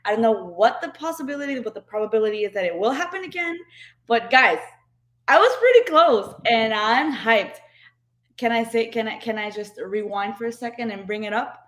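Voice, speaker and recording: A woman co-hosting a casual sports podcast, excitable and enthusiastic as she talks. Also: on the high side. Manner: excitable, quick bursts of enthusiasm. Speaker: podcast co-host. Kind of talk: casual chat. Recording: roomy, echoey room sound.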